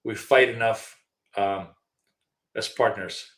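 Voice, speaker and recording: A man's voice: fairly low pitch, slow, a bit bright, reverberant. A middle-aged man co-hosting a live trading stream, talking casually with lots of fillers and restarts. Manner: chatty storyteller, frequent fillers and restarts. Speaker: trading show co-host.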